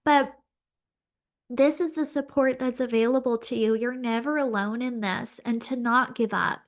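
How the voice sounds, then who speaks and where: A woman's voice: on the high side, fairly even intonation, moderate pace. A woman hosting a podcast who tells a personal story in an earnest, heartfelt way, often using "um" and "like". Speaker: podcast host and spiritual medium.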